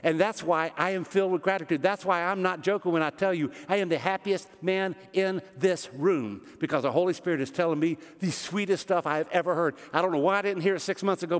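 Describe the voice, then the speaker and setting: A middle-aged man, a pastor, preaching a sermon in a church sanctuary with earnest emphasis and rhetorical questions. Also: on the high side. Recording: long hall reverb.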